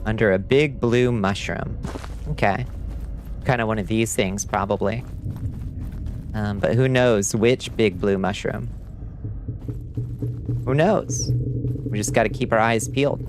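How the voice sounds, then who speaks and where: A man hosting a livestream, giving excitable, casual gameplay commentary, chatting with viewers and swearing and yelling when frustrated. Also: lowish voice, unhurried, pauses often, a little hiss or hum. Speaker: livestream host.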